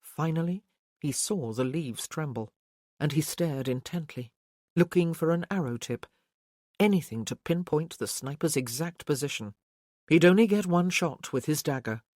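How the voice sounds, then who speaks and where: A narrator reading a historical romance audiobook in a steady storytelling voice. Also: mid-range voice, normal speed, dry recording, studio quality.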